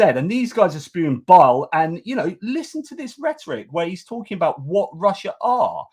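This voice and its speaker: A man hosting an online show, ranting in animated commentary. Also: high voice, normal speed, hardly any pauses, husky. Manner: ranting, excitable. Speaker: host.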